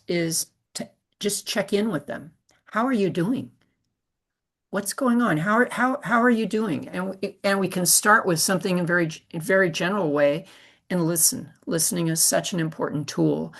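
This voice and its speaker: A middle-aged woman doctor speaking on a panel over a video call, gentle and measured, often restarting her sentences. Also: fairly low pitch, vocal fry. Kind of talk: casual panel discussion. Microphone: video call mic.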